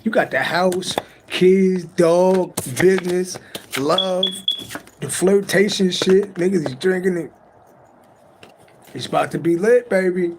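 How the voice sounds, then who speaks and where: A man's voice: sits high, slow, slight background noise. A man giving a late-night tarot reading on a livestream, talking in a loose, profane, rambling and joking way. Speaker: tarot reader on a live stream. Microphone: livestream mic.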